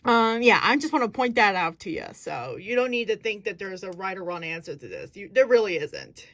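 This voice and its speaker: A woman's voice: medium pitch, big pitch swings, a little fast, a bit bright. A woman giving a casual acting lesson, earnest and thinking aloud as she restarts her sentences. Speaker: acting vlogger.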